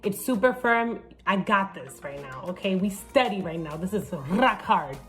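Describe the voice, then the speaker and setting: A woman's voice: medium pitch, lively intonation, normal speed, a bit bright. Woman comedian, playful makeup-tutorial talker who swears freely and code-switches into Spanish, light music under. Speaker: comedian and TV host. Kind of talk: casual makeup tutorial chat.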